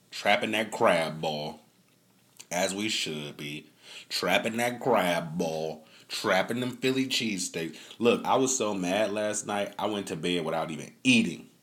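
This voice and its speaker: A man's voice: low voice, unhurried, a bit bright. A man hosting his own streamed podcast, talking casually, swearing and rambling as he vents, recorded on a phone set up indoors. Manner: profane, rambling, venting with laughs. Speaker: podcast host. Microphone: phone on a stand.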